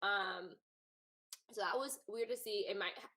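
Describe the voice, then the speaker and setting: A woman's voice: medium pitch, measured pace, bright, forceful tone. A woman hosting a casual sports chat, talking in a loose, chatty way with many fillers. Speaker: host.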